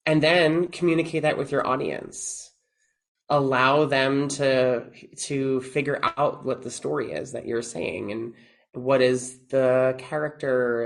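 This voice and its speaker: A man of middle pitch talks as a guest in a casual podcast interview. He is animated and restarts his sentences often. He acts out the advice he gives his students. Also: gravelly. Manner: animated, quotes himself to students, many restarts. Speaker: oboe professor, interview guest.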